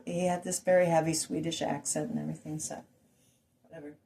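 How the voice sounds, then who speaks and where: A woman's voice: low-pitched, little pitch movement, fairly quick, vocal fry, warm tone, a little hiss or hum. A woman ranting to her viewers in a rambling monologue full of rhetorical questions and asides. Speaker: vlogger.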